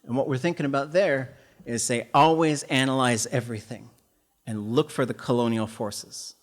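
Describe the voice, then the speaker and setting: Male professor from Alaska, earnest lecture voice, tells personal stories, bursts louder at times. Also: mid-range voice, normal speed. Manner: earnest storytelling, lively with sudden loud bursts. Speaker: language professor giving a lecture.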